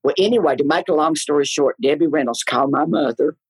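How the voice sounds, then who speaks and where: A man's voice: a little high, fast talker, breathy edge, dry recording, low-quality recording. An older man, a chatty podcast guest telling folksy stories and laughing often. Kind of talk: casual storytelling.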